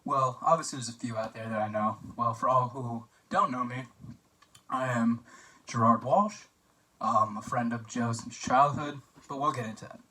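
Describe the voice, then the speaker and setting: A man's voice: medium pitch, normal speed, sharp tone. Chatty young man toasting from a distance. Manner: chatty and joking, with filler words and anecdotes. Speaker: best man giving a wedding toast. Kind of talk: mock wedding toast for a class assignment.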